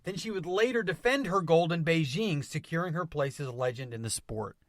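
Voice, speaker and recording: A man hosting a motivational podcast, speaking with energetic emphasis and returning to catchphrases again and again. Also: fairly high pitch, brisk, dry recording, studio quality. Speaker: podcast host.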